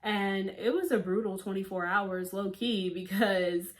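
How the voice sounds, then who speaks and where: In her storytime vlog, a young woman shares a personal tale at a measured pace with a mid-range voice. She's chatty and casual, with frequent "like" fillers and lively quoting of what people said.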